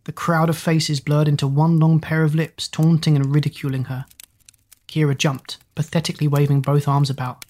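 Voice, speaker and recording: A reader narrating a children's story in an even, measured way. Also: medium pitch.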